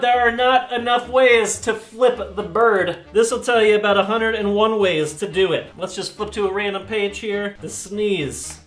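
High-voiced swearing comedic male vlogger. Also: a bit bright. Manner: profane, joking, laughs often. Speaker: YouTube host. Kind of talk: comedic product review. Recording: echoey room with faint music.

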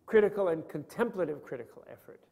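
Speaking fast with a warm, creaky, somewhat high voice and lively intonation, an older man rambles through a conversational talk on Buddhist philosophy. He often pauses to question his students, and a hall's long reverb surrounds him.

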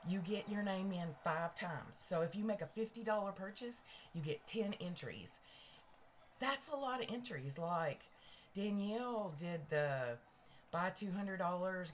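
A woman hosts a casual livestream at home in her bedroom, chatting cheerfully and welcoming viewers by name. She speaks in a fairly low voice, with a little background noise.

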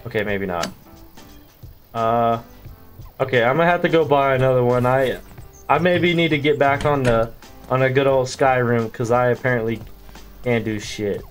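Over soft background music, a man provides casual gameplay commentary in a medium-pitched voice at normal speed. He jokes around using slang and profanity and banters with the characters on screen.

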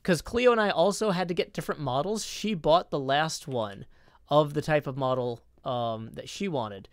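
A man with a slightly high voice talks at a moderate pace, recorded in a clean, echo-free studio. He chats casually on a live stream while building in a game, rambling and poking fun at himself, and turns upbeat whenever he greets viewers.

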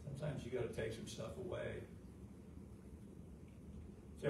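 A middle-aged man preaching a folksy, fervent sermon as pastor, swinging from loud, high peaks down to a low, quiet voice, with frequent "uh" fillers. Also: wildly swooping pitch, measured pace, vocal fry, recorded from a distance. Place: church sanctuary. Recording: roomy church sound from off the mic, noisy.

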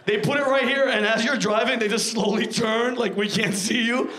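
A man's voice: very high-pitched, steady tone, normal speed, a bit bright, a little hiss or hum. A man doing a stand-up comedy set, cursing, ranting and riffing with the crowd on a club stage. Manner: profane, ranting, acts out voices, riffs with the crowd. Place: comedy club stage before a live audience.

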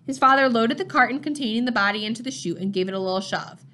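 A woman reading a novel chapter aloud in a steady, measured way. Her voice sits a little above the usual range for a woman. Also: a little high. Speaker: audiobook reader. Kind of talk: novel narration.

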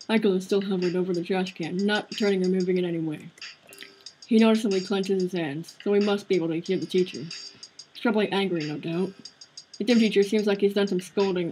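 A woman's voice: mid-range voice, mellow, slight background noise, rough recording. A woman streaming a visual novel, narrating its story aloud in an earnest, conversational way. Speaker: game streamer.

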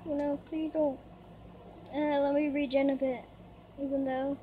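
A woman's voice: high-pitched, level tone, measured pace. A woman giving chatty gameplay commentary, easily startled and squealing when things go wrong. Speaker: gamer. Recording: dull lo-fi mic, faint noise.

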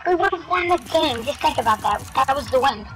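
A gamer loudly exclaiming and blaming a teammate during a team shooter match. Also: high voice, animated, a little fast, a crowd in the background. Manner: loud, exclaiming, blames teammate. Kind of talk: excited gaming chat. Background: game music.

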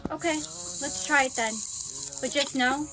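A woman's voice: high voice, a little slow, gravelly, heavily acted. Synthetic female voice as a wary, heartbroken schoolgirl. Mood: guarded. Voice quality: flat synthetic reading. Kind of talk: text-to-speech skit narration.

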